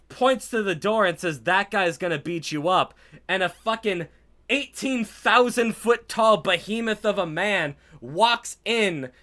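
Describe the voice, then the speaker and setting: A man's voice: sits high, pushed and bright. A man giving casual, profane and sarcastic commentary on a wrestling show, sounding exasperated.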